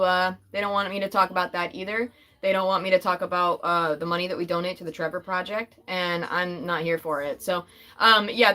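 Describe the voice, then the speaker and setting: A woman's voice: on the low side, pushed and bright. Chatty young woman hosting a livestream. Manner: chatty, laughing often, reading chat aloud. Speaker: livestream host. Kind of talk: casual livestream chat.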